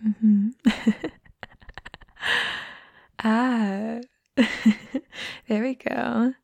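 Whispered role-play: a woman playing a teasing young friend, unhurried and a little gravelly. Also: on the high side, fairly even intonation, no echo, exaggerated voice. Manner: soft teasing whispers and giggles.

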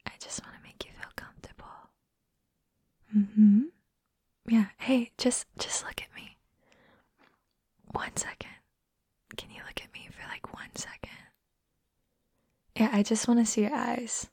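A woman's voice: a little high, steady tone, measured pace, long pauses, husky, dry recording, studio quality. A woman doing a teasing, whispery young friend. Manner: soft teasing whispers and giggles. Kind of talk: whispered role-play.

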